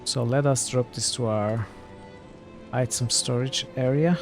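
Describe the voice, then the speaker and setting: Male game streamer, relaxed musing commentary, light game music behind. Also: mid-range voice, unhurried. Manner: relaxed, musing, laughs easily. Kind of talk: casual let's-play commentary.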